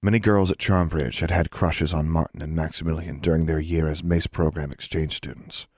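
A man narrating a storybook in a steady, measured way. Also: a bass voice, no room sound, studio quality. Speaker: audiobook narrator.

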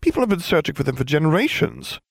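A man voicing a studious, anxious teenage girl in a storybook reading, high and indignant. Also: big pitch swings, fast, creaky, husky, dry recording, clean studio sound, exaggerated voice. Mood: reproachful.

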